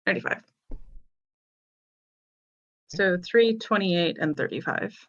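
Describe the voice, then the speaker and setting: A woman's voice: mid-range voice, slow, fairly bright tone. A woman playing a tabletop game, talking hesitantly and correcting herself. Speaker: player. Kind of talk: casual game chat. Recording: dull lo-fi microphone.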